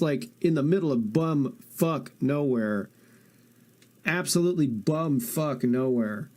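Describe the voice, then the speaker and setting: A fairly high-voiced man reacting on a live stream, swearing constantly and sounding incredulous as he riffs on whatever he's watching. He talks casually into a desk mic. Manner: incredulous, swears a lot, jokey. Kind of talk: casual profane stream commentary.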